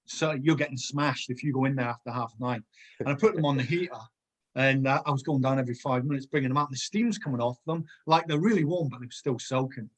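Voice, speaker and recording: A middle-aged man, a former footballer, casually telling animated anecdotes as a podcast guest and laughing often. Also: mid-range voice, fast talker. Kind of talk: casual storytelling.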